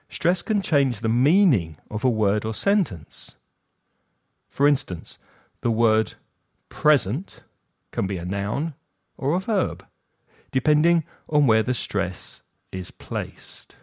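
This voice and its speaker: Slow, dry-voiced man explaining. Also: mid-range voice, big pitch swings, a little mellow, breathy edge, no room sound. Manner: measured, listing terms one by one. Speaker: lecturer. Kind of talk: scripted explanatory narration.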